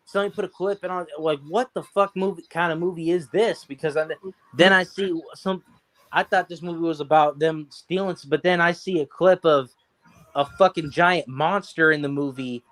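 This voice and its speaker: A man co-hosting a casual podcast chat, rambling and swearing as he tells stories in an animated way. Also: fairly high pitch, moderate pace. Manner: profane, rambling, animated storytelling. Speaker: podcast co-host.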